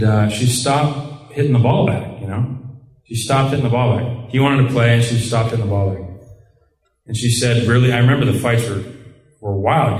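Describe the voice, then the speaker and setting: A man's voice: medium pitch, darkish tone. A man from Michigan sharing his story at a recovery meeting, rambling with lots of "like" and "you know". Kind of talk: personal recovery share. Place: meeting room. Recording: roomy, distant mic.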